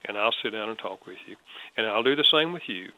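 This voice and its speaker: Earnest, bright-voiced older man telling a story. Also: lowish voice, expressive, quick pace, poor audio. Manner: earnest, folksy storyteller, voice drops soft for reflection. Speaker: guest author and father. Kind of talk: personal storytelling in an interview.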